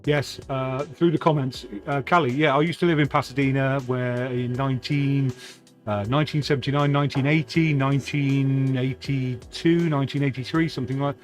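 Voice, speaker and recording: Gloucestershire guy, the stream's tech man, laid back and rambly, music faint in the back. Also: medium pitch. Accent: Gloucestershire English. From England. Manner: relaxed, reminiscing, halting with fillers. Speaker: stream producer. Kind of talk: casual live-stream chat.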